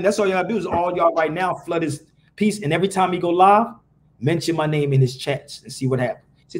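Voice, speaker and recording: A man's voice: on the high side, a little fast, a little hiss or hum. A man hosting a live podcast, ranting profanely and firing rhetorical questions at his viewers. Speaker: podcast host. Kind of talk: casual live-stream rant.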